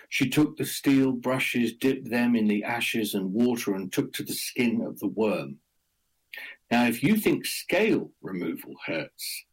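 A man telling a folk tale aloud in a measured, deliberate storytelling manner. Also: medium pitch, husky, low-quality recording. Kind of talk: oral storytelling.

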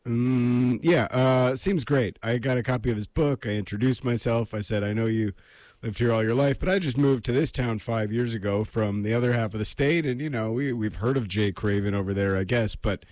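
A man's voice: medium pitch, moderate pace, darkish tone, no echo, studio quality. An American man hosting a casual solo show, rambling with self-deprecating asides before reading a book aloud. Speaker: podcast host reading aloud.

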